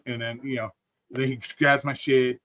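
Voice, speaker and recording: A man's voice: mid-range voice, little pitch movement, moderate pace, a bit bright. Blunt, profane man telling stories. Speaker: storyteller on a live stream. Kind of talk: casual storytelling.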